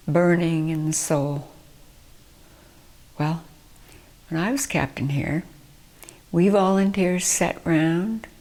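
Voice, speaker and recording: A woman voicing a trembling old man who was once a fire captain, reciting softly in a poem. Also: on the low side.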